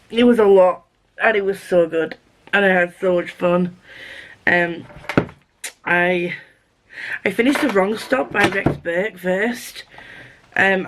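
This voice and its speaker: A woman's voice: mid-range voice, slight background noise. Chatty woman vlogging. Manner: chatty, rambling, self-deprecating. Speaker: book vlogger. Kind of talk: casual chat to camera. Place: her bedroom.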